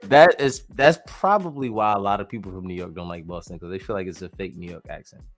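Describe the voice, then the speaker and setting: A man hosting a casual sports podcast, talking in an animated, slangy, joking way. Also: deep voice, fast, faint music behind. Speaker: podcast host.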